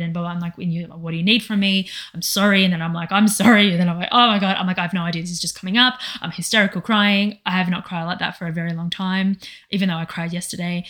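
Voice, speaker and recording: A woman's voice: fairly low pitch, a bit bright. A woman co-hosting a podcast in casual personal chat, rambling and emotional, often quoting herself. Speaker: podcast co-host.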